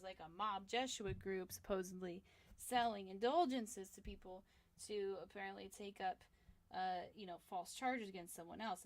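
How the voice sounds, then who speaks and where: A sleepy young woman talks casually while sketching, rambling through a long story. She fills her talk with "like" and "um" and sounds worn out. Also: medium pitch. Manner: rambling storyteller, many fillers. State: sleepy, tired. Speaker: comic artist livestreaming a drawing session. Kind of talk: casual chat while drawing.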